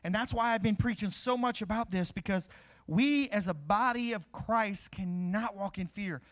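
A man's voice: sits high, moderate pace, fairly bright tone. A middle-aged man preaching a sermon, asking questions and answering them himself.

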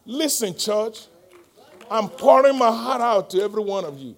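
A middle-aged man with a Nigerian accent preaching a sermon, moving between loud, emphatic appeals and quiet, close storytelling. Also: high voice, expressive, moderate pace.

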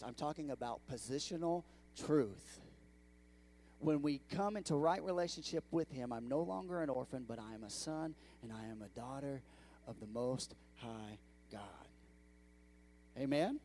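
A man pastor preaching a sermon to his congregation, calling out to the room and swinging between hushed and loud delivery. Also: fairly high pitch. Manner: animated preaching with audience call-outs. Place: church sanctuary.

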